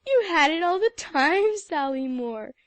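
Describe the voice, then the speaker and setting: A woman voicing an excitable, theatrical schoolgirl who exclaims breathlessly. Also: high-pitched, unhurried, dry recording, voice pushed up. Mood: excited.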